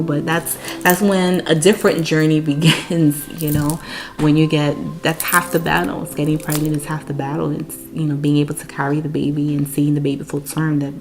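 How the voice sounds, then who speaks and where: A woman with a notably low voice recounts her personal story in an earnest, candid way. She keeps saying "you know" as she speaks. Soft guitar music plays clearly under her. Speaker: mother sharing her infertility story. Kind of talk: personal testimony.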